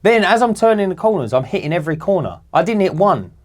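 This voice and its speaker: A man, co-hosting a podcast and telling a long story in a lively, sweary way. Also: sits high, quick pace. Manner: animated, swearing, acts out other people's voices. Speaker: podcast co-host. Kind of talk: casual storytelling.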